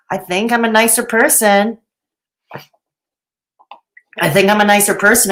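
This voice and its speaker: A woman's voice: medium pitch, a bit bright. Sarcastic woman hosting a stream. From Canada. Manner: sarcastic, chatty, laughs often. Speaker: commentary livestream host. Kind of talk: live stream reading chat aloud.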